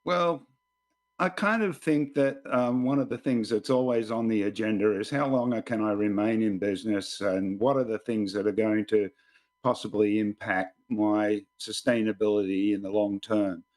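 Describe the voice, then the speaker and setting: A man's voice: on the low side, steady tone, moderate pace, a little mellow. An older man with an Australian accent, a guest columnist answering interview questions in a reflective, explanatory way. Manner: reflective, explanatory, rambling sentences.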